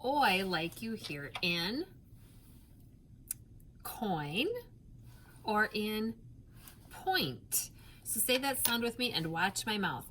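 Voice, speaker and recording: A woman teaching a phonics lesson to young children, patient and clear, stretching out sounds and spelling letters one by one. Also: mid-range voice, expressive, drawn-out words, pauses often, a bit bright, a little hiss or hum.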